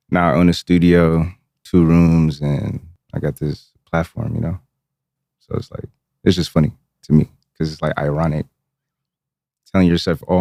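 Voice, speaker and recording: A man's voice: rumbling low, creaky, a little mellow, dry recording. A young man from Virginia, a music producer guest, talking in a laid-back, slangy way and laughing often. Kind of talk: casual interview chat.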